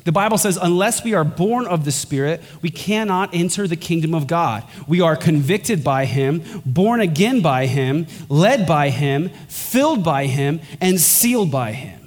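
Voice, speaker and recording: A pastor preaching a sermon, earnest and emphatic, his voice climbing higher on key points. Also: expressive, measured pace, hardly any pauses. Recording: long hall reverb with faint music.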